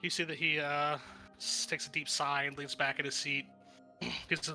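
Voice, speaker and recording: A man's voice: a little high, animated, moderate pace, sharp tone, faint music behind. A man narrating as game master of a tabletop game, rambling and restarting his sentences as he describes the scene. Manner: rambling, lots of fillers and restarts.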